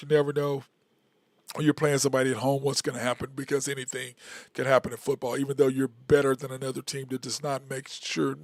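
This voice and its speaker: A man's voice: mid-range voice, a little mellow, no room sound. A man hosting a solo live-stream sports talk show, casual and rambling, often repeating himself. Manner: casual, conversational. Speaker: host.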